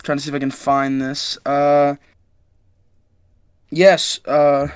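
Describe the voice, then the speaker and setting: A young man co-hosting a casual podcast. His voice sits a bit high, and the recording is dry with almost no room sound. He reads out news items in a faintly newscaster way and keeps tripping over names. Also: level tone, slow pace, smooth, no echo. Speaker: podcast co-host. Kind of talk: casual chat.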